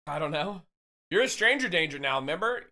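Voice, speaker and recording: A man's voice: a little high, lively intonation, fairly quick, sharp tone. A male streamer in casual chat with his viewers, joking, swearing and reading their messages aloud. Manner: loose, swearing, teasing banter with chat; reads chat messages aloud and answers them.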